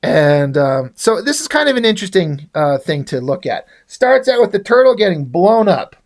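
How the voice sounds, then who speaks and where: A man's voice: sits high, big pitch swings, moderate pace. A man casually reviewing a comic book, rambling and swearing freely, often restarting his sentences.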